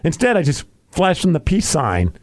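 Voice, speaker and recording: A man's voice: a little high, huge pitch swings, moderate pace. A young man hosting a podcast, telling a story in casual chat and acting out the quotes with laughs. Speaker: podcast host.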